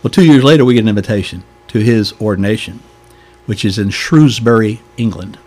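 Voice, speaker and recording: A man's voice: on the low side, brisk, a little mellow, slightly rough. An older man with a Southern American accent, a deacon telling stories in a folksy, chuckling way during a podcast interview.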